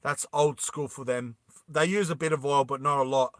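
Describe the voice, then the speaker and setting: A young man casually recapping a movie plot, animated, laughing often and acting out the scenes. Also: mid-range voice, moderate pace, dry recording, studio quality. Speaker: storytelling vlogger.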